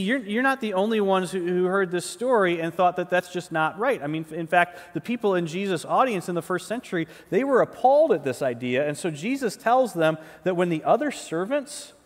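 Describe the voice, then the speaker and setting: A male pastor delivering a conversational sermon, often restarting words and checking in with the listeners. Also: sits high. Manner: conversational preaching, repeats words, often asks "right?". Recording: long reverb of a large hall.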